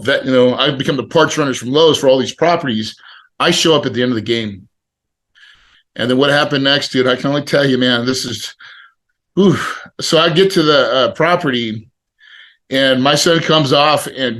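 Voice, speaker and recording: A middle-aged man on a podcast, telling a personal story in a casual, animated way and acting out the people he quotes. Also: mid-range voice. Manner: animated, acts out quoted dialogue. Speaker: podcast guest.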